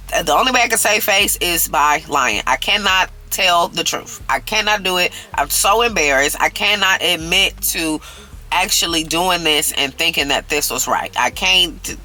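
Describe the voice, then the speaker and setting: A man in his thirties tells a confessional story for his vlog, earnest and openly emotional. His voice is sharp and bright, and it sits a little high. He keeps checking in with the listener as he talks. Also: rough recording. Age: 30s. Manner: earnest, emotional, repeats "okay?". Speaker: vlogger.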